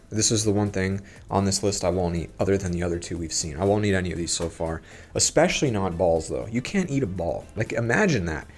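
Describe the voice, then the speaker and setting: A young man hosting a casual commentary vlog, talking in an animated way with exaggerated disgust and chatty asides. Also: lowish voice. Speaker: YouTube host.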